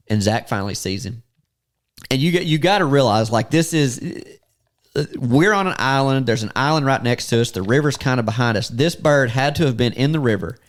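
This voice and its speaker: A man telling a hunting story casually on a podcast, acting out what people said. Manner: animated, acts out quotes with sudden high-pitched outbursts.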